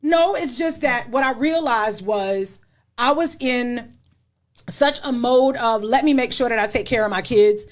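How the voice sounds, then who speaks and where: Slightly high-pitched and a touch slow, this middle-aged podcast host gets frank about being a mom. It's relaxed, candid conversation, full of laughter and fillers such as "you know."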